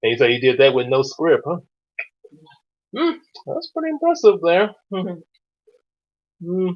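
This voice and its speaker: Animated man reading his own story. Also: fairly high pitch, unhurried. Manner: animated, laughs often, quiet asides. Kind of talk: reading aloud with casual asides. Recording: dull lo-fi recording.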